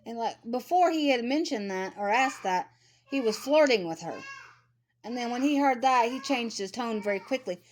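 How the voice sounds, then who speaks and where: A woman's voice: a little high, animated, normal speed, a little mellow, slight background noise. A woman in her thirties giving a blunt, ranting commentary to camera, repeating herself for emphasis. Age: 30s. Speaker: vlogger. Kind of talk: casual commentary.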